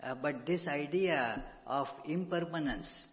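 A man giving a slow, measured scripture lecture into a microphone, pausing often with fillers. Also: a little high. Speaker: spiritual teacher. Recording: dull hall recording with long reverb.

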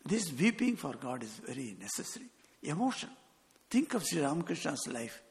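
A man's voice: on the high side, big pitch swings, normal speed, gravelly. A man, a monk giving a sermon with earnest storytelling and quoted dialogue. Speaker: monk giving a spiritual talk. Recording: long hall reverb.

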